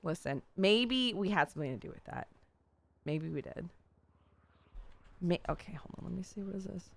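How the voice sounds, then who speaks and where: A woman's voice: on the low side, lively intonation, normal speed, gravelly. A young woman livestreamer casually chatting to her viewers while reacting to roleplay clips, swearing and thinking aloud as she goes. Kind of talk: casual stream chat to viewers.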